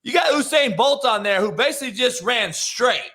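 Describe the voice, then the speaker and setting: Bright-voiced profane sports show host. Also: male voice, very high-pitched, animated, moderate pace. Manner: blunt, profane, opinionated. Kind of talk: casual sports chat.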